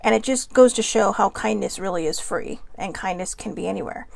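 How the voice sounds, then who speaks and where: A woman's voice: medium pitch, fairly quick, creaky, no room sound. A woman hosting her own talk show, speaking earnestly and from the heart about mental health, holding back tears. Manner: earnest and heartfelt, tender at times. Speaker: host. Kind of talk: personal vlog monologue.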